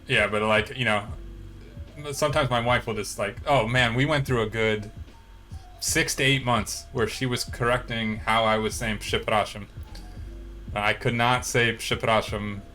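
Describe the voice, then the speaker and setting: A man's voice: medium pitch, steady tone, moderate pace, bright, forceful tone, faint music behind. An American man co-hosting a podcast, talking casually and rambling with lots of fillers. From United States. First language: English. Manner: rambling, lots of likes and you-knows. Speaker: podcast co-host. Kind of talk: casual chat.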